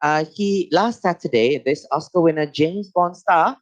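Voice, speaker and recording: Halting Malaysian man hosting a talk show. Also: on the high side, no echo. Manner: halting, fills pauses with uh and um, repeats phrases. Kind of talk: live online talk show monologue. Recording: muffled lo-fi dry sound.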